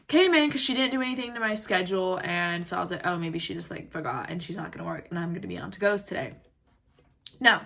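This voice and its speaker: Bright-voiced woman ranting a storytime. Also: mid-range voice. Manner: animated, heated retelling with lots of "like" and quoted dialogue. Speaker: vlogger. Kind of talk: storytime rant.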